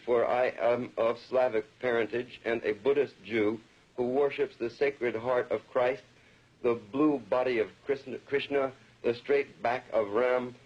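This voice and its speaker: Man chanting a poem, dull old recording. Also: medium pitch. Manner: incantatory, rhythmic chanting of repeated lines. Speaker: poet. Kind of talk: poetry reading.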